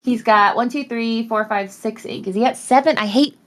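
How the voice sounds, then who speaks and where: A woman's voice: on the high side, normal speed. A woman co-commentating a live card game tournament stream, upbeat and talking to the chat.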